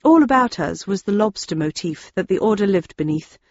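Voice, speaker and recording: A woman's voice: medium pitch, expressive, moderate pace, no room sound, lo-fi sound. A woman narrating a novel in the first person, in a dry, wry storytelling manner. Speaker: audiobook narrator.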